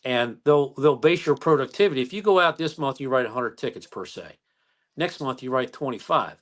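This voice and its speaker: A middle-aged American man, a police chief, telling work stories in a folksy, animated way during an interview. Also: mid-range voice, fairly quick. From United States. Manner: folksy, animated retelling with acted-out quotes. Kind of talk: conversational storytelling interview.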